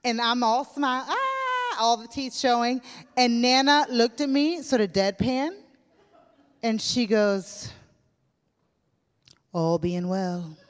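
Her voice sits high and her intonation is lively as she preaches at a measured pace in a church hall, telling stories conversationally with casual fillers. The recording carries long hall reverb.

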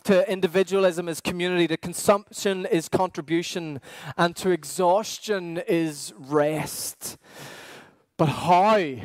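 Male pastor, slightly higher voice, earnest questioning sermon. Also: no echo. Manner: earnest, questioning, with slow emphatic pauses.

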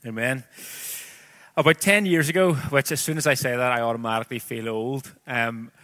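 A Northern Irish man in his thirties preaching a sermon, his voice bright and forward. He reads scripture and then slips into loose, chatty storytelling padded with casual asides. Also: medium pitch. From Northern Ireland.

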